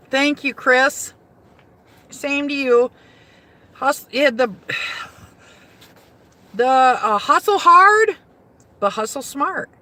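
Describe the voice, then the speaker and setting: Bright-voiced chatty woman driver. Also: high-pitched. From Michigan. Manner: chatty, salty, laughs easily. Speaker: rideshare driver livestreaming. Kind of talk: casual livestream chat. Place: inside a car.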